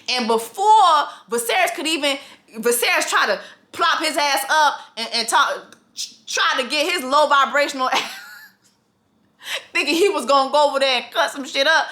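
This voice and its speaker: A woman recapping a TV episode in a casual comedic rant, profane and animated, acting out the characters and laughing often. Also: high voice, normal speed.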